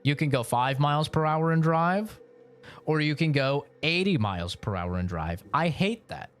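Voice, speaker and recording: A man's voice: a little high, lively intonation, normal speed, smooth. A young man streaming, telling a story in casual, rambling talk full of slang and laughs.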